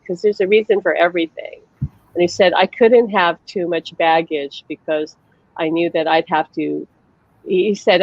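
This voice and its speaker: A woman's voice: sits low, dry recording, muffled recording. A woman psychic medium hosting a casual live-stream conversation, telling stories animatedly and laughing often. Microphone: video call.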